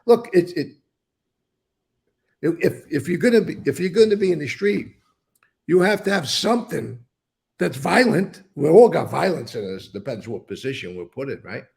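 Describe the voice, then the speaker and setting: Gravelly older New man, blunt. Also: fairly high pitch, big pitch swings, moderate pace, darkish tone. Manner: rambling, blunt, swears freely. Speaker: interview guest. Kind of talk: casual storytelling interview.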